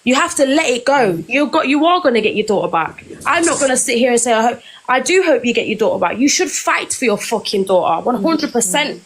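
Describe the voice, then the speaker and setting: A high-pitched woman speaks into her phone from her kitchen on a live stream. She is blunt and swears freely, lecturing the other guest in long stretches. Her tone is firm and exasperated. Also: expressive, fairly quick, slight background noise, low-quality recording. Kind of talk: heated live-stream argument. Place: home kitchen.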